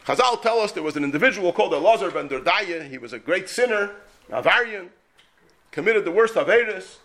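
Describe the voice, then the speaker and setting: A man's voice: sits high, lively intonation, brisk, a bit bright. A man teaching a Torah class as a rabbi, emphatic and full of rhetorical questions, weaving Yiddish and Hebrew terms into his English. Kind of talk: Torah lecture.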